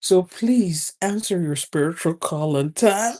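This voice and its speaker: A woman with a low, mellow voice speaks at an unhurried pace. She gives spiritual advice in a joking, teasing monologue, breaking into laughter often. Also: lively intonation. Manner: playful, laughs often between phrases. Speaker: spiritual advisor. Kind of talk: humorous teaching monologue.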